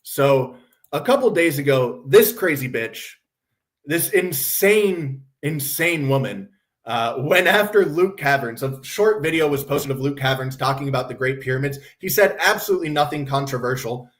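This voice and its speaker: A man's voice: mid-range voice, a little slow. A man hosting a casual commentary stream, talking bluntly with a sardonic, profane edge. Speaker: host.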